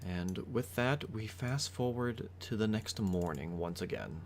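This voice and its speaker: A man running a tabletop game as game master, narrating slowly and dramatically, with hesitant asides. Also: fairly low pitch, lively intonation, a little hiss or hum.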